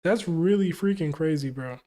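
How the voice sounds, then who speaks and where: A man's voice: fairly high pitch, moderate pace, mellow. A man streaming a live reaction to a comic, reading panels aloud and reacting in casual slang. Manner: slangy, exclamatory, often ends lines with yo or bro; reads panels aloud between comments.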